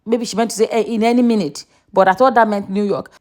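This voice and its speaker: A woman's voice: mid-range voice, fairly even intonation, fast talker, hardly any pauses, darkish tone. A woman, chatting casually in a gossip vlog and reading posts aloud with a lifted voice. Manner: chatty, reads quotes aloud in a raised voice. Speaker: vlogger reading out social media posts.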